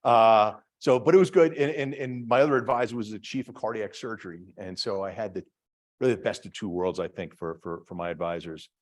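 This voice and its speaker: A man's voice: fairly low pitch, brisk. A middle-aged man with a Boston accent, a department head giving a chatty, self-deprecating talk to an audience, with many fillers and restarts. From Massachusetts. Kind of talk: lecture to an audience.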